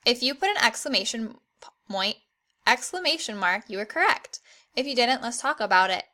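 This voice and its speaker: Bright-voiced woman teaching a lesson. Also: on the high side, expressive. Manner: clear, encouraging, reads example sentences slowly. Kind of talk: online grammar lesson for children.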